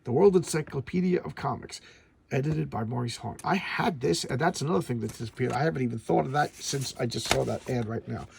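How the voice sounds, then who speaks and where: A gravelly, mid-range male voice talks a little fast, with a bit of hiss or hum in the background. The speaker, a middle-aged comic collector, hosts a casual review chat about old comics, rambling eagerly and restarting himself through lots of stammers.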